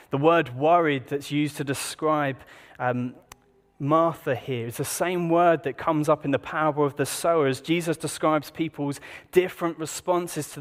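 A man's voice: fairly high pitch, big-room sound. A man preaching an evening sermon in a casual, conversational way, full of rhetorical questions to the congregation.

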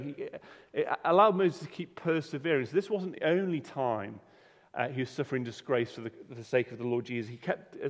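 A man's voice: mid-range voice, darkish tone. A man preaching a sermon in a conversational way, often restarting and repeating words. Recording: reverberant hall.

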